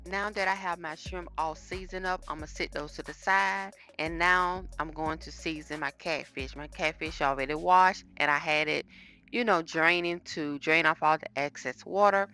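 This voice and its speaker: A woman's voice: fairly low pitch, fairly even intonation, normal speed, pushed and bright, faint music behind. A woman chatting casually to her viewers while cooking in her home kitchen, filmed on a phone. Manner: chatty, talks straight to viewers. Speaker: cooking vlogger. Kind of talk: casual cooking vlog chat. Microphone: phone camera.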